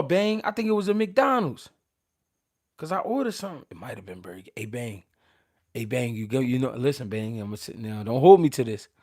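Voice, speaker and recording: Slang-heavy Philly man telling stories. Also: medium pitch. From Philadelphia, USA. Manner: animated, slangy, profane, restarts sentences often. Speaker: show host. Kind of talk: casual storytelling.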